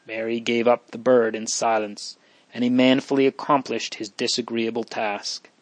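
Male audiobook narrator, measured and calm, dry sound. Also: mid-range voice, dry recording. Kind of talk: scripted narration.

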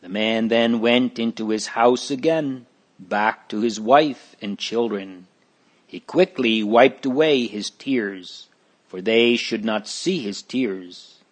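A man narrating a chapter of a moral storybook in a plain, deliberate manner. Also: fairly low pitch.

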